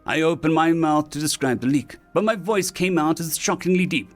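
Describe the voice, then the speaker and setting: A man's voice: fairly high pitch, normal speed, faint music behind. A man reading sci-fi short stories aloud as scripted narration.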